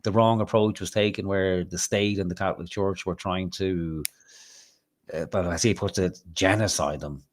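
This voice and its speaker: Deep irish guy swearing his way through a story on a live show. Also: steady tone, normal speed, a little hiss or hum. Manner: swearing, rambling anecdotes with acted-out quotes. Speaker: host. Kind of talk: casual live-stream chat, storytelling.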